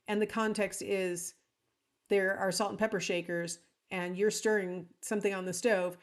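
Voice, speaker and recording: A woman's voice: mid-range voice, steady tone, moderate pace. A woman instructor giving a casual, conversational recorded lecture, with frequent ums and asides to the listener. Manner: acts out example lines in different intonations. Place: alone at home or office, speaking to a recording.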